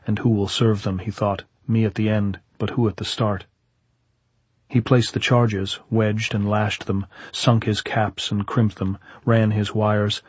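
A man in a studio narrating an audiobook in a measured, steady reading. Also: fairly low pitch, husky, no room sound.

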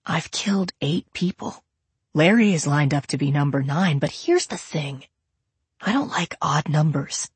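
A woman voicing a cornered male serial killer who makes slow, low threats that sometimes drop to a whisper. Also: expressive, slightly rough, dry recording, exaggerated voice. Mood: cold bargaining.

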